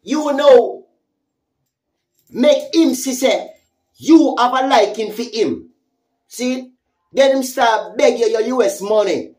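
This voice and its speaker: A woman's voice: fairly high pitch, takes it slowly, long pauses, warm tone. A woman with a Jamaican accent giving a heated, profane vlog rant, confronting someone with repeated taunting questions. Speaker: social media commentator.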